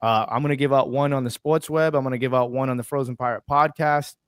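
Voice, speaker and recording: A man's voice: medium pitch, steady tone, fast, clean tone, no room sound, studio quality. A man with a Boston accent joking and plugging sponsors in casual sports chat. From Massachusetts. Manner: teasing, plugs sponsors. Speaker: podcast co-host.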